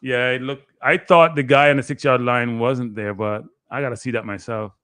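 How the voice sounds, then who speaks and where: A man, a guest analyst giving excitable live play-by-play commentary on a match he is watching. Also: mid-range voice, normal speed, clear, resonant tone, dry recording. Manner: excitable, play-by-play that bursts into shouting.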